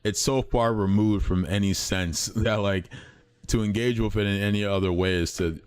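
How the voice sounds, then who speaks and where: A man's voice: lowish voice, fairly even intonation, moderate pace, a little mellow, clear, resonant tone. A man commenting casually on a live stream, slangy, blunt, and repeatedly apologizing while he talks. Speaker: streamer reacting to a clip.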